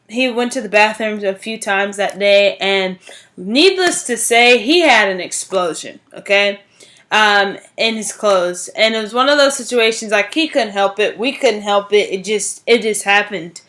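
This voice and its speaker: A woman's voice: medium pitch, a little slow, fairly bright tone. A woman teacher giving an informal informative speech, talking in a chatty way and repeating words for emphasis. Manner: frequent "like" and "um" fillers.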